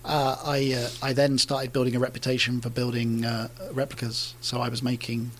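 A middle-aged Englishman, a car designer, telling stories in a casual interview, animated and often laughing, with frequent restarts. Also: medium pitch, moderate pace, a little hiss or hum.

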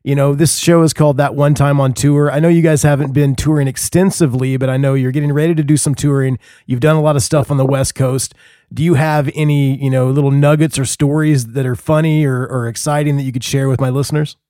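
A man's voice: mid-range voice, fairly even intonation, fast, warm tone, no echo, clean studio sound. Chatty male podcast host. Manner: friendly and chatty, asks guests for stories. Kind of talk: casual podcast interview.

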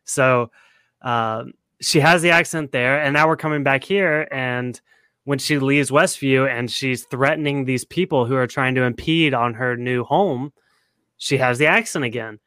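A man's voice: medium pitch, measured pace, bright, forceful tone, smooth, dry recording. A man co-hosting a podcast in casual chat, laying out his theories step by step. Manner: analytical, lays out theories step by step. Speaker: podcast co-host.

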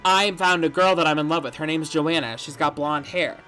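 A speaker playing an eager, lovesick young man who talks in an excited, boastful way. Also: medium pitch, a little fast, faint music behind, close to an everyday voice.

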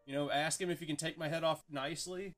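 A man's voice: fairly high pitch, fairly even intonation, fast talker, fairly bright tone, faint music behind. Rambling, cursing young man host. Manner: rambling, profane, heavy filler "like". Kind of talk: casual podcast chat.

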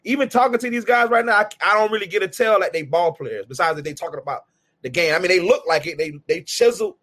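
A man's voice: high-pitched, fast, a bit bright, no room sound. A man hosting a casual interview, talking in an earnest, slangy, praising way. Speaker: podcast host.

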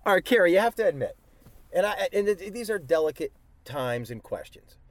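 A man hosts a comedic interview from a parked car, with a fairly high voice that swings widely. He sounds flustered and keeps trying to steer the talk back on track. Faint noise hums behind him. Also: very animated, a little fast. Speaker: radio host.

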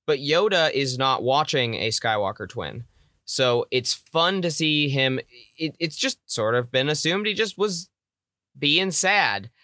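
A man with a bright, forceful voice co-hosts a casual fan podcast. He is wry and teasing and talks in quick bursts. His voice sits dry and close to the mic. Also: medium pitch, dry recording. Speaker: podcast co-host.

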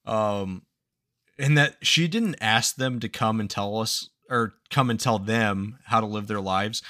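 A man's voice: fairly low pitch, measured pace, pushed and bright, no room sound, clean studio sound. A man on a podcast casually retelling a story, swearing often, laughing and slipping into quoted voices. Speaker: podcast host recapping a game.

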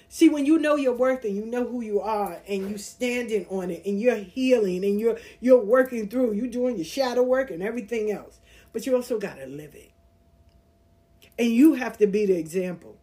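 Blunt lady in her 40s just talking her truth on her podcast, voice on the higher side. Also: normal speed. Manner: candid, blunt, animated storytelling with profanity. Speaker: podcast host. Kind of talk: casual monologue sharing personal stories.

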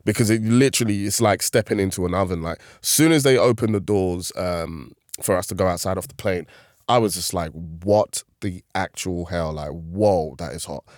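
A comedian chatting casually as a podcast guest, telling animated stories and laughing often. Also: male voice, deep voice, a little fast, dry recording, clean studio sound.

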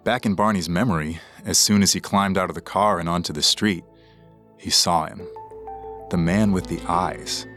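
A man narrating a scripted true story for a podcast in a measured, dramatic way. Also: deep voice, fairly bright tone, faint music behind.

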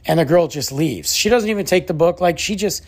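A man's voice: fairly high pitch, animated, brisk. A young adult man, a podcast host telling a story in a casual, exasperated way and acting out the others' lines.

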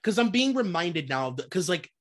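Laughing podcast co-host, mid pitch. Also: big pitch swings, brisk. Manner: laughs often, loose and joking, swears casually. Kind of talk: casual chat, reading celebrity gossip items.

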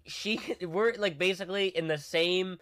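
A young man co-hosting a podcast, chatting casually and chiming in with quick remarks. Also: high-pitched, fairly even intonation, a bit bright, clear, resonant tone, dry recording. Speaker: podcast co-host. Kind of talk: casual chat.

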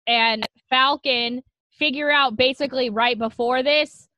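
A woman's voice: high-pitched, fairly even intonation, bright, forceful tone, no echo, low-quality recording. A woman co-hosting a podcast, cutting in eagerly with her take on movie scenes. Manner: enthusiastic, quick interjections. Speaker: podcast co-host. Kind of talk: casual movie chat.

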